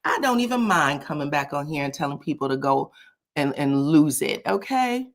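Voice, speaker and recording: A woman hosting a casual commentary show. She talks in a sassy, animated way, often says "child", chuckles, and uses "um". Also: sits low, normal speed. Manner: frequent chuckles and filler "um". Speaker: host of a reality TV commentary channel.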